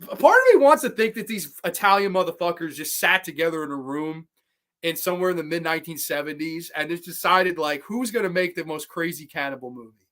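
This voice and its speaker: A man's voice: on the high side, fairly bright tone. A man hosting a horror movie show, talking about films in a profane, rambling, enthusiastic way. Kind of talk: casual film review talk.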